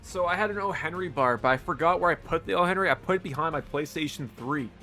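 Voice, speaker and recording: A man's voice: a little high, fast, bright, forceful tone, soft background music. A man live-streaming games, chatting casually with viewers and laughing often. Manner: laid-back, laughs often, chats with viewers.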